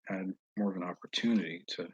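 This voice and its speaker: A man with a Northeast US accent, hosting a casual live chat with viewers. He rambles slowly, with frequent pauses and fillers and asides that trail off quietly. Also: deep voice, steady tone, slightly rough, no echo, muffled recording. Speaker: channel host answering viewers.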